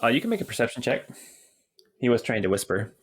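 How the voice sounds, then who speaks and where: A man in a middle, even register runs a tabletop game as its game master. He narrates loosely, padding his sentences with ums and restarts. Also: mid-range voice, fast, slightly rough. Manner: relaxed, rambling with many ums.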